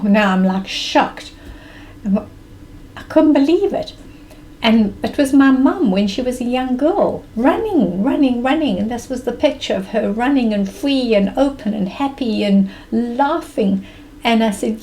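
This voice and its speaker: A woman recounts a personal story in a warm, mellow voice, animating it with vivid present-tense retelling. There is a faint hiss under her close-miked voice. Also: fairly high pitch, expressive, a little slow, low-quality recording.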